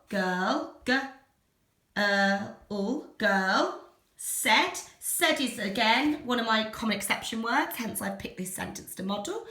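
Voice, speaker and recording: A woman teacher demonstrating phonics and sentence writing, slowly sounding out letters and words. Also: fairly high pitch, pushed and bright, roomy sound. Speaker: primary school teacher.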